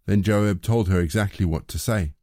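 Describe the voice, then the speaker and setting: A man reads scripture in measured, even narration. His voice is dark and mellow and sits somewhat low. The recording is dry, with no room sound. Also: no room sound. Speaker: scripture reader.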